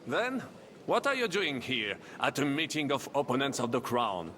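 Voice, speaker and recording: A man's voice: mid-range voice, sing-song, normal speed, sharp tone, a little hiss or hum. A man with a French accent voicing a boastful baron in a video game, grand and theatrical. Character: boastful French baron, smooth talker, middle-aged man. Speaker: game character.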